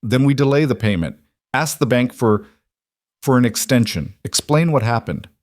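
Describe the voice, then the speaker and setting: Man playing a hoarse, halting frontier husband, shy but resolute. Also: mid-range voice, lively intonation, a little mellow, dry recording, clean studio sound, voice pushed up, natural voice. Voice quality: raspy. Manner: halting, repeats words.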